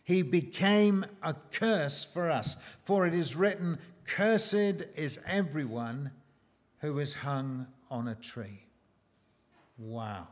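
A man preaching a sermon, slow and emphatic, with dramatic pauses and rhetorical questions. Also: fairly high pitch.

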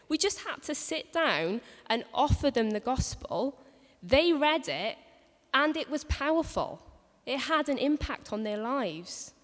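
A woman's voice: high voice, sing-song, unhurried, hardly any pauses. A woman giving an earnest, story-driven sermon to a women's gathering in a church hall, often restarting her phrases. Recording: long hall reverb.

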